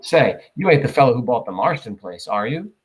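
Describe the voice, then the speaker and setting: A man's voice: medium pitch, sing-song, fairly quick, natural voice. A man voicing a blunt, folksy small-town dump keeper. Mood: gruff.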